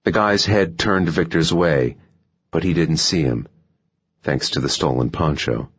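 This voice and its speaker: A man narrating a thriller audiobook in a steady, measured reading. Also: extremely low pitch, husky, dull audio. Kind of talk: scripted narration.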